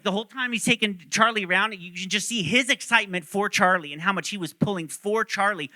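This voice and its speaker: A man's voice: sits high, sharp tone, no echo. A male pastor preaching a sermon, telling stories animatedly and joking with the congregation.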